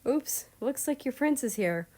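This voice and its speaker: A woman's voice: high-pitched, expressive, unhurried, warm tone, voice pushed up. A woman voicing a friendly male guard in a storybook reading, speaking in an easygoing tone.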